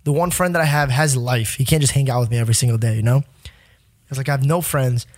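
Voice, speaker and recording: A young man in his twenties, a podcast guest telling a story in casual chat, animated and profane, laughing often and acting out what people said. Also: medium pitch, fast, no room sound, clean studio sound.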